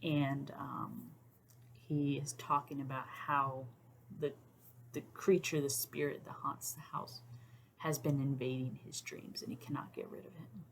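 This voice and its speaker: A woman's voice: rumbling low, fairly even intonation, a little slow, gravelly, slight background noise. A woman hosting a casual talk to camera, thoughtful with many "um"s, sometimes dropping to a near-whisper. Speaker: YouTube host.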